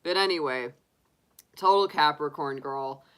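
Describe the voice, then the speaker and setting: This tarot reader is hosting a livestream, talking loosely with the people watching live. She's a middle-aged woman with a low-pitched, clear, resonant voice and a slightly slow pace, and she laughs often while peppering her speech with "like" and restarts.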